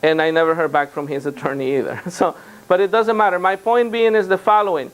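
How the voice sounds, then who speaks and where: A man's voice: sits high, fairly quick. A man, a real estate trainer, telling anecdotes to a live seminar audience and acting out what others said. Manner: animated anecdotes with quoted dialogue. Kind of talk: storytelling seminar talk.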